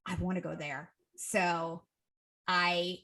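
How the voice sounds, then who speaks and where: Podcast guest, woman, 40s, bright voice, lively storyteller who acts out the dialogue. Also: slow. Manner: lively, acts out quoted dialogue with raised pitch. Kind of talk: casual interview storytelling.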